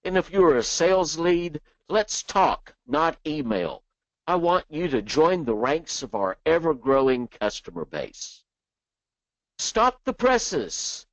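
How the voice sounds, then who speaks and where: A man presenting a software training webinar in a chatty way, dropping joking asides between explanations. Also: a little high, very animated, measured pace, dry recording. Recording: dull dry lo-fi sound.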